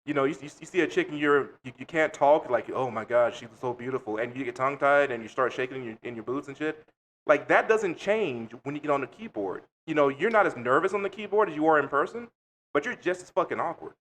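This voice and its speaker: A man's voice: a little high, fast. A man co-hosting a podcast, telling a story in casual chat with blunt, profane delivery. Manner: blunt, profane, animated retelling. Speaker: podcast co-host.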